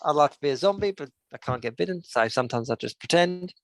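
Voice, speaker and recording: A man voicing a gentle, soft-spoken male rock creature in a mild New Zealand accent. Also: on the high side, expressive, fast, dry recording. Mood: wistful.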